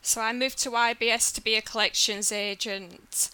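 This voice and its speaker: A woman's voice: on the high side, fairly even intonation, moderate pace, pushed and bright, clear, resonant tone. A woman with a Yorkshire accent, a business development manager explaining her work plainly as a podcast guest. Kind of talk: podcast interview answers.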